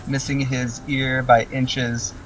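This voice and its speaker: A man's voice: mid-range voice, flat delivery, slow pace, recorded from a distance, slight background noise, rough recording. Man running a tabletop game, off-mic. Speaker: game master.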